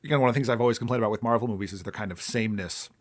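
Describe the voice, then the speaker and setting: A man's voice: lowish voice, racing. A man co-hosting a podcast, chatting casually with wry remarks and frequent restarts. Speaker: podcast co-host. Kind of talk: casual chat.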